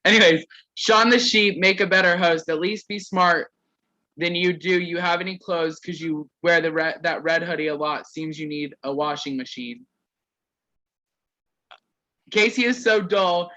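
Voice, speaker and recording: A man's voice: fairly high pitch, measured pace, long pauses, sharp tone, dull audio. A young man casually reading roasts aloud to a group on a call, stumbling over words and laughing.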